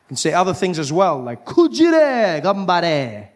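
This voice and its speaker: A man performing a stand-up comedy set, leaping into mock voices and accents as he tells stories. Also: fast talker. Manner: animated, jumps into high mock voices and accents.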